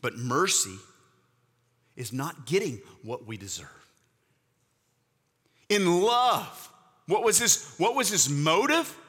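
A man's voice: a little high, very animated, slow pace, long pauses, a bit bright, breathy edge, long reverb tail. A pastor in his forties preaching a sermon, with emphatic, repetitive rhetorical build-ups.

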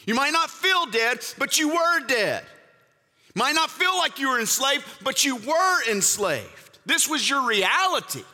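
A man's voice: very high voice, sing-song, a little slow, pushed and bright, long reverb tail. A pastor in his forties preaching a sermon, with emphatic, repetitive rhetorical build-ups.

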